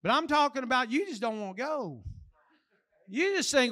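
Older male preacher, very high and bright voice, folksy and emphatic delivery in church. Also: big pitch swings, moderate pace, pauses often. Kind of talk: sermon.

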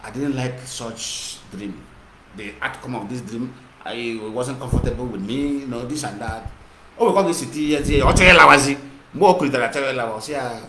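A man with a Nigerian Igbo accent giving an impassioned monologue, mixing English and Igbo and repeating himself. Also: medium pitch. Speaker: activist broadcaster. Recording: echoey room with clear noise.

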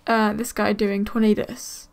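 A young woman giving excitable, gasp-filled commentary while playing a video game and thinking aloud. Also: medium pitch, a little slow, vocal fry. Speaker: gaming let's player. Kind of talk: casual gameplay commentary. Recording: faint game music behind.

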